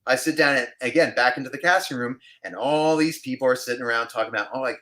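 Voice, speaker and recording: A man from New York, an actor, telling an animated story in a casual interview and acting out the people in it. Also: mid-range voice, fast talker, hardly any pauses. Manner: animated storyteller, acts out other people's voices.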